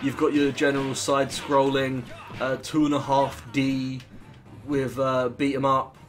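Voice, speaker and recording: A man's voice: medium pitch, flat delivery, a little slow, faint music behind. A young British man giving rambling, jokey, sweary commentary while playing a video game. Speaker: gaming YouTuber. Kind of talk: gameplay commentary.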